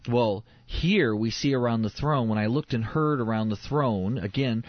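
A mid-range male voice at a moderate pace belongs to a preacher on a faith show, giving emphatic, sermon-style Bible teaching that repeats key phrases for stress. The recording has no room sound and a dull lo-fi quality.

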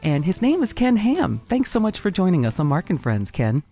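A woman's voice: lowish voice, sing-song, normal speed, warm tone, highs cut off, soft background music. A woman hosting an interview show, chatty and enthusiastic as she introduces her guest. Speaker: host.

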